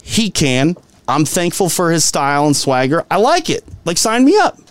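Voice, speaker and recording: A man with a Minnesotan accent chats casually as a podcast co-host, wandering through fillers and restarts. His voice sits somewhat high. The sound is close and dry. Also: big pitch swings, normal speed, no echo. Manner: rambling, full of fillers and restarts. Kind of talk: casual sports chat.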